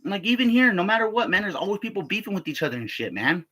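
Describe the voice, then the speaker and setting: Veteran guy rambling and cussing, lots of stammers, voice sits high and bright. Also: big pitch swings, racing. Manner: profane, rambling, laughs and stammers often. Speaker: army veteran telling stories. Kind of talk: casual rambling monologue.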